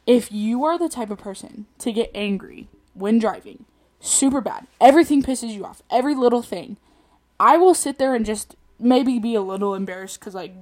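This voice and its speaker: A woman's voice: a little high, normal speed, a little mellow. A young woman telling personal stories in a casual solo monologue, chatty and laughing often, venting animatedly. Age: young adult. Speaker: podcast host.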